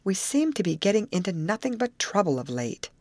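A woman playing a level-headed girl captain in a storybook, reasoning aloud in a steady, lively voice. The reading sits close and dry, with a lowish tone. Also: a little fast, dry recording. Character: calm resourceful teenage girl captain.

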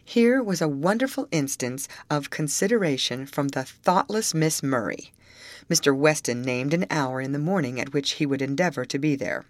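A woman narrating a classic novel as an audiobook, in a measured, even manner on a close mic. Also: low voice, no room sound.

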